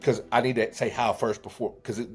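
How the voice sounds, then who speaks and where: A man's voice: mid-range voice, steady tone, fairly quick, a little mellow, soft background music. A man telling a heartfelt story as a podcast guest, earnest, with many restarts. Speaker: guest, memory trainer.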